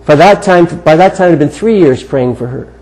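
A man's voice: on the high side, animated, darkish tone, poor audio. Earnest man preaching a sermon. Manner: earnest, storytelling preacher with emphatic pauses. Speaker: guest preacher.

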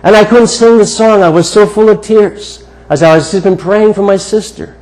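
A man preaching a sermon, telling a personal story in an earnest way with emphatic pauses. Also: high voice, a little mellow, rough recording. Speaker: guest preacher.

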